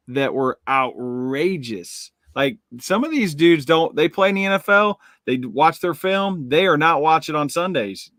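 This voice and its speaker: A man's voice: fairly high pitch, fairly bright tone, no echo. Laid-back man in a dry room. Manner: laid-back, measured, restarts his sentences. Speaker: podcast co-host. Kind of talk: casual sports betting chat.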